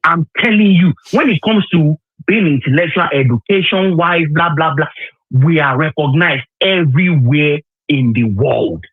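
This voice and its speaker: A man's voice: on the high side, moderate pace, husky, no room sound. Heated Nigerian man on a tinny phone line. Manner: animated, emphatic, repeats himself. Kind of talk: heated political chat.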